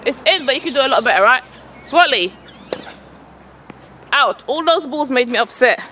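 A woman's voice: high voice, expressive, normal speed, sharp tone, slight background noise. A woman coaching her son at tennis on an outdoor court, calling out shots and chatting casually to her vlog viewers. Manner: calls out shots, chatty and coaxing.

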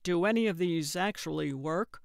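A woman's voice: lowish voice, normal speed, creaky, dry recording. A woman voicing an exasperated, dry-witted male sidekick in an audiobook, speaking with weary sarcasm. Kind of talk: audiobook character voice.

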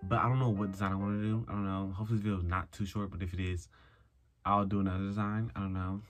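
A man's voice: sits low, flat delivery, fast, soft background music. A young man vlogging in a sassy, rambling casual chat, talking himself through a craft project. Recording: noisy background hiss.

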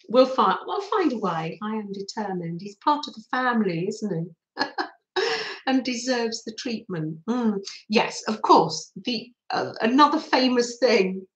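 A middle-aged English woman with a mid-range voice hosts a craft livestream, chatting casually as she crafts, reminiscing and laughing often. The recording is rough, in an echoey room.

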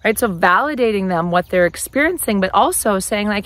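A woman hosting a casual advice talk to camera, conversational and animated. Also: medium pitch, brisk, no room sound. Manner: animated, conversational, often acts out quoted phrases. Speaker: relationship advice host.

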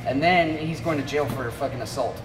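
A man telling a wild story in casual, profane, animated chat and acting out the voices. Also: mid-range voice, quick pace, roomy sound, far from the mic, music in the background. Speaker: guest, jiu-jitsu fighter.

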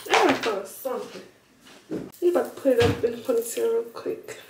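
Teen girl vlogger, high and chatty, casual rambling to camera; roomy, distant phone sound. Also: expressive, fairly quick, very noisy. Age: teens. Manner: chatty, rambling, addresses viewers as y'all. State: out of breath at times. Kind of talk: casual vlog talk to camera.

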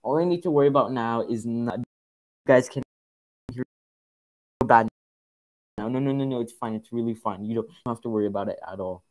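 A man's voice: mid-range voice, fairly quick, long pauses, darkish tone, no echo, rough recording. A young man streaming a horror game, thanking followers and repeating himself nervously as he plays. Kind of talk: casual live game commentary.

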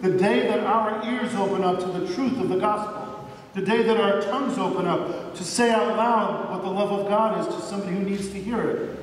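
Man, pastor, high voice, earnest sermon, long church reverb, faint room hum. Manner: earnest, slows down for emphasis. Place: church sanctuary. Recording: echoey church hall from far off.

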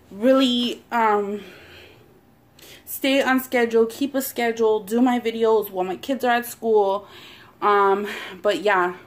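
A young woman vlogger and mother who chats casually and swears a lot while eating on camera. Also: medium pitch. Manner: chatty, swears a lot, rambling. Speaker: mukbang vlogger. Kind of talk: casual eating-show chat.

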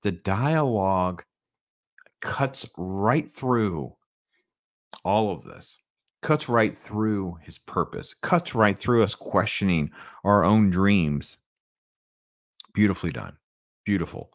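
A man's voice: fairly low pitch, animated, slow pace, pauses often, dry recording, studio quality. A male host giving an enthusiastic, casual review of an old cartoon episode, often checking in with the listener. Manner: enthusiastic, keeps checking in with "right?".

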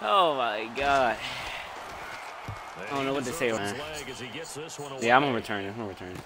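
A young man giving loud, excited commentary while playing a football video game, swearing and bursting into shouts. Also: mid-range voice, fairly quick. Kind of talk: excited live gameplay commentary. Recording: loud game crowd noise behind. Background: game stadium crowd.

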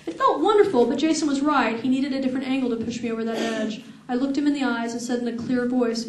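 A woman's voice: high voice, fast, few pauses, distant mic, noisy background. Woman reading aloud in an echoey room. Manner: steady reading with laughing asides to the audience. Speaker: author reading her novel. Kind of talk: live book reading. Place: event room with audience.

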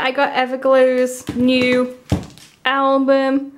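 Young woman vlogger from England, fairly high, unhurried, gushing unboxing chat. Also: background noise. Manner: gushing, repeatedly excited, lots of "oh my god".

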